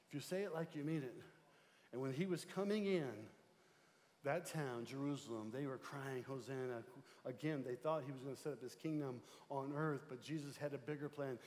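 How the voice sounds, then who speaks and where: A male pastor preaches a sermon with a noticeably high voice. His voice rings out with a long hall echo in the sanctuary. He swings from forceful, emphatic calls to hushed, low stretches. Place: church sanctuary. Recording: long reverb of a large church hall.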